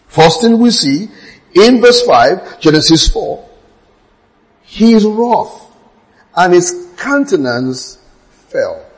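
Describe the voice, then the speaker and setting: A middle-aged man preaching a sermon, telling stories with humour and swinging between quiet asides and loud exclamations. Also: on the high side, rough recording.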